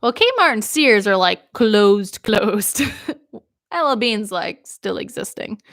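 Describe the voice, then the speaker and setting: A woman's voice: fairly high pitch, big pitch swings, slow pace, creaky, pushed and bright, no room sound, studio quality. Chatty tipsy young woman radio DJ. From Maine. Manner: chatty and rambling, laughs often. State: tipsy from drinking. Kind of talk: casual livestream chat.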